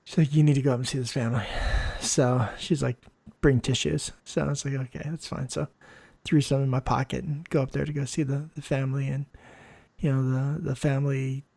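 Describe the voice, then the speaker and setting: A man hosting a podcast interview, a nurse telling work stories in a lively way and acting out what people said. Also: mid-range voice, normal speed, vocal fry, dry recording. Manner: animated storyteller, quotes people in dialogue. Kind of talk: conversational interview storytelling.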